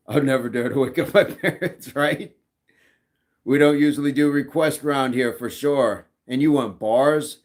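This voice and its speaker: A man's voice: mid-range voice, measured pace, pauses often. Jokey man hosting a live chat. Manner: jokey, laughs often, reads chat messages aloud. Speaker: livestream host reading chat.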